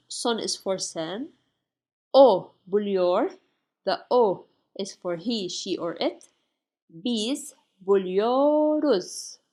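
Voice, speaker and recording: Slow, careful woman teaching Turkish. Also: fairly high pitch. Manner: slow, careful, spells out each Turkish word. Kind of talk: slide-based grammar lesson.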